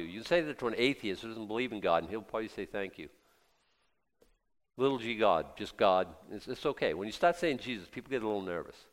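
Middle-aged guy preaching, kinda low voice, chatty then loud, big reverby hall. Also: animated, fast. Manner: conversational preaching, swings from quiet asides to loud emphatic bursts. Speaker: pastor. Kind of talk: sermon.

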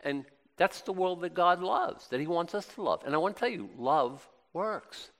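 A man's voice: high-pitched, lively intonation, normal speed, fairly bright tone, long reverb tail. A middle-aged man preaching a sermon in a conversational way, with plenty of rhetorical questions and repeated phrases.

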